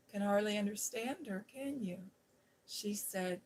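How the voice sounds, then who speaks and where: A woman host reading a classic novel aloud in a gentle, soothing ASMR style, with whispered asides. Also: mid-range voice, steady tone, slow pace, a little hiss or hum, low-quality recording. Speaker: storybook reader and ASMR host. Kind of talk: softly spoken ASMR story reading.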